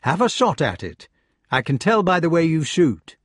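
A man's voice: on the high side, very animated, moderate pace, no echo, studio quality, voice pushed up. A man voicing a cheerful, shrewd male outlaw leader in a storybook reading, with a hearty, commanding manner.

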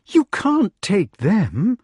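A man's voice: high voice, wildly swooping pitch, drawn-out words, husky, no echo, studio quality, voice pushed up, full character voice. A man voicing a protective, vexed woman, the outlaw's sweetheart, in a storybook reading, speaking sharply. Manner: sharp, scolding.

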